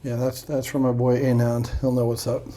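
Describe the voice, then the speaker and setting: A man's voice: medium pitch, completely flat delivery, normal speed, warm tone, slight background noise. A man reading aloud from a self-help book and adding playful, sarcastic comments in a casual vlog.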